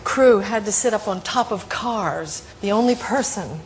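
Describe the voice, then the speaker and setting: A middle-aged woman as a talk show guest, telling a lively anecdote with frequent laughs. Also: medium pitch, a little slow, slight background noise, poor audio. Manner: animated, laughing storyteller.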